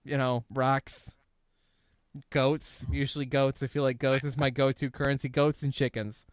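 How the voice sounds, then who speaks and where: A man's voice: mid-range voice, level tone, a little slow, no echo. A man from Ohio co-hosting a casual podcast chat, joking and sarcastic. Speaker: podcast co-host.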